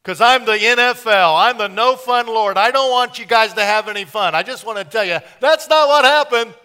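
A man voicing God as a cheerful, generous figure, speaking in an excited, high, shouting way. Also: normal speed, smooth.

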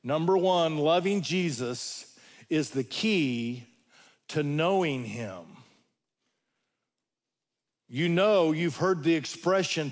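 A male preacher delivering a sermon, telling stories with folksy humor and dramatic pauses. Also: a little high, animated.

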